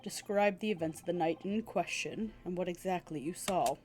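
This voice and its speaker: A woman's voice: fairly low pitch, normal speed, a little mellow, slight background noise, pitched below the performer's own voice, natural voice. A woman doing a pompous old judge. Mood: stern. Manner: pompous, formal. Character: stern elderly male British judge.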